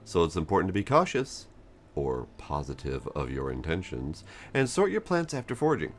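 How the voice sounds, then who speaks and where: A man's voice: low voice, huge pitch swings, normal speed, soft background music. A man voicing a friendly female herbalist in a game, reading her lines in near his own voice with no accent. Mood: advising. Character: friendly German woman herbalist villager.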